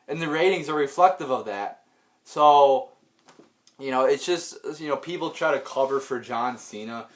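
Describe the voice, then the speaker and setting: A man's voice: medium pitch, expressive, normal speed. An exasperated man in a rant, swearing freely and filling every gap with "you know". He stumbles and restarts as his frustration builds, sighing between points. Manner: profane, heavy with "you know" fillers and restarts. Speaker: wrestling commentary vlogger. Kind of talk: angry unscripted rant.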